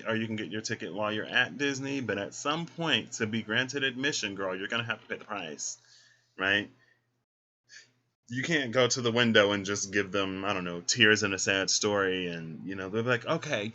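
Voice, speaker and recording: A man's voice: on the low side, brisk, sharp tone. A man giving a casual tarot reading, sassy and chatty, talking straight to the listener, in a dull lo-fi recording. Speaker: tarot reader. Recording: dull lo-fi sound.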